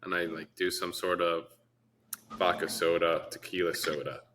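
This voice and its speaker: A man with a very deep voice and a bright, forceful tone trades deadpan jokes in casual podcast banter. A faint hiss of noise sits under his voice. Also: moderate pace. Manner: joking banter, deadpan quips. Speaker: podcast co-host. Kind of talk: casual chat.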